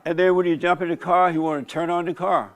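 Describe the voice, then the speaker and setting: A man's voice: high-pitched, flat delivery, fast. An older man, a pastor and host, giving a casual church talk and telling stories with a joking manner and frequent laughs. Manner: joking storyteller, laughs often.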